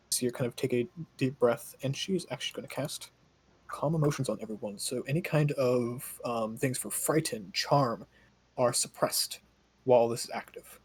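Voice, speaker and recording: A man running a tabletop game as game master, briskly reading out rules, his voice starting to give out. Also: medium pitch, husky. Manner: brisk, reads rules aloud. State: voice giving out.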